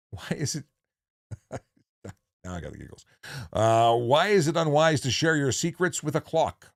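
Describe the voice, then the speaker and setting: A man's voice: medium pitch, animated, normal speed, vocal fry, long pauses, no echo, clean studio sound. A man, a former police officer, hosting a casual livestream chat, telling dad jokes and rambling with lots of restarts. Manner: jokey, rambling with many restarts.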